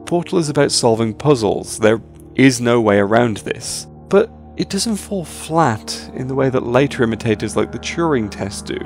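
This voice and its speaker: A man narrating a scripted video essay in an average-pitched voice. He delivers his points with dry, sarcastic humor. Faint music plays behind him. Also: lively intonation, moderate pace.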